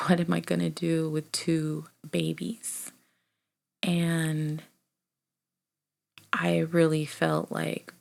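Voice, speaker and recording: A woman in her thirties telling a personal memoir in a casual, conversational way, often dropping to a soft half-whisper with many fillers. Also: fairly low pitch, gravelly. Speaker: author reading and reflecting on her book. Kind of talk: casual spoken memoir reading.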